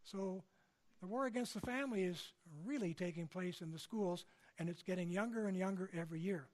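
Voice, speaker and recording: This older Canadian lecturer speaks fairly quickly in a high-sitting voice. His public lecture feels like a conversation, with frequent tag questions to check on his listeners.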